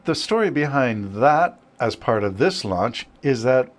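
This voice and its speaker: A man's voice: mid-range voice, lively intonation, unhurried. Chatty laughing podcast host man. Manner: chatty, laughs often, rambling. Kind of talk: casual chat. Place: home podcast studio.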